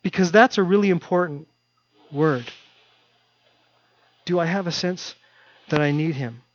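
A male pastor delivers a sermon in a chatty, down-to-earth way, hammering points through repetition. His voice sits fairly high for a man. The recording is dull and dry, with no room sound. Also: measured pace, no echo. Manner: conversational, repetitive emphasis.

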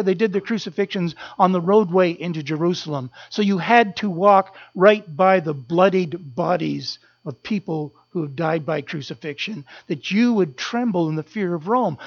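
A preacher delivering a sermon with impassioned repetition, building up and falling to a hush. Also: mid-range voice, normal speed, few pauses, highs cut off. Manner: impassioned, repetitive, swelling then dropping to a hush.

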